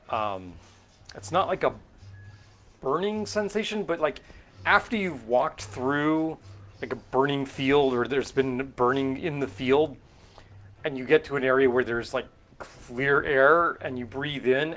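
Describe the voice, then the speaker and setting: With a mid-range, fairly bright voice, the middle-aged host from California's Central Valley chats casually on his cocktail stream. He thinks aloud while mixing, rambling along with plenty of fillers and self-corrections.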